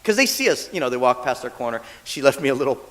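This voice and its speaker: A male minister with a medium-pitched voice talks fast through a casual, funny dharma talk in a church hall, with long hall reverb on the recording. He's animated, acts out the voices he quotes, and keeps asking the audience "right?"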